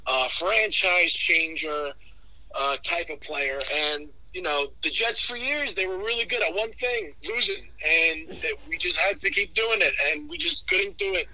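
A man calling in as a guest to a sports podcast, giving opinionated, animated takes with frequent restarts. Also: on the high side, a little slow, rough recording. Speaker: caller, guest fan. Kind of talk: casual sports talk.

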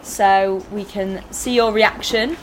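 A woman hosting a blind taste challenge, giggly and quick to exclaim. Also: medium pitch, fairly even intonation, slight background noise, poor audio. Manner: giggly, exclaims loudly at bad smells. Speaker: host running a taste challenge. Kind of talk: lively hosting. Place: pub. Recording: busy pub with chatter behind.

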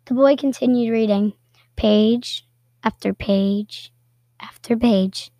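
A woman reading a children's picture book aloud with playful, expressive storytelling and little asides. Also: on the high side, takes it slowly, dry recording. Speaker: storybook reader.

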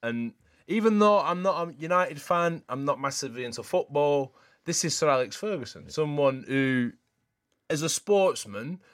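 A man with a notably high speaking voice, chatting on a podcast. He jokes at his own expense in an easy, casual way. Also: animated, normal speed, fairly bright tone. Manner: self-deprecating, joking. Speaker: podcast co-host. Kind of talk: casual chat.

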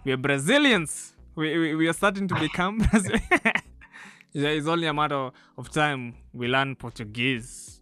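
A young Nigerian man with a Nigerian accent co-hosting a casual chat show, animated and quick to laugh. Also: fairly high pitch, clear, resonant tone, no echo, soft background music. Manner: laughs often, animated, jokey. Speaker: podcast co-host.

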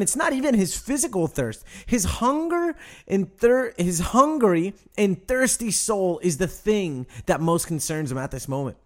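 Animated high-voiced preacher man. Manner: animated preaching, emphatic with slow drawn-out phrases; addresses congregation directly, asks them to respond. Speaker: pastor. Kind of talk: sermon.

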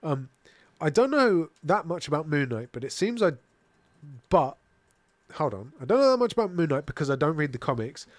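A man's voice: a little high, big pitch swings, moderate pace, no echo. Laid-back British man reading comments. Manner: easygoing, laughs and swears freely. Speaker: podcast co-host. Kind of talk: casual chat, reading viewer comments.

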